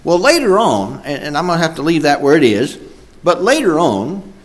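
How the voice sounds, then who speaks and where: A preacher man delivers his sermon in a lively, swooping voice that sits a little high for a man. His cadence is emphatic, broken by frequent filler sounds as he builds each point. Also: moderate pace.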